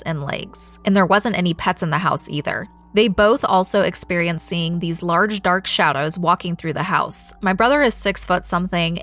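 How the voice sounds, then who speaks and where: A woman's voice: lowish voice, fairly bright tone, no room sound. A woman co-hosting a podcast, chatting casually and reading a listener's ghost story aloud, reacting as she goes. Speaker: podcast co-host.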